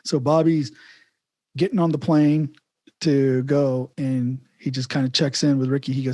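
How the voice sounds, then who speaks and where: A man's voice: mid-range voice, flat delivery, moderate pace, dark tone, dry recording, studio quality. A man hosting a podcast interview, talking casually in a rambling way with many restarts and chuckles. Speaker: podcast host.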